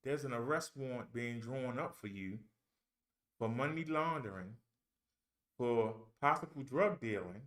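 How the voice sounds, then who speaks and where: A man's voice: medium pitch, animated, measured pace, fairly bright tone, pitched below the performer's own voice. A man mimicking a stiff scripted scam caller. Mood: officious. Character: scripted male phone scam caller, flat and official.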